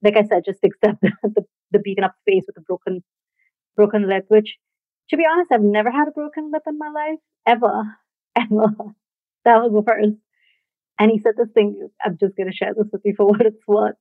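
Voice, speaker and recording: A woman recounts a personal story in a relaxed, reflective way, pausing and laughing softly between thoughts. Her voice comes through thin and phone-like. The sound is dry and close, with no room around it. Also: mid-range voice, dry recording.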